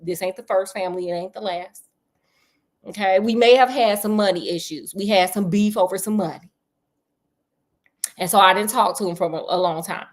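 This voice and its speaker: A woman's voice: medium pitch, moderate pace, pauses often, natural voice. A woman voicing a defensive man who rambles and hedges about a family money feud. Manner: rambling, hedging.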